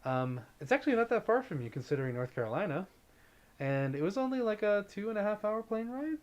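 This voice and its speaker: A man hosts a casual livestream in a high, sing-song voice, talking fast and cheerfully as he reads viewer comments aloud and greets people by name. The sound quality is lo-fi.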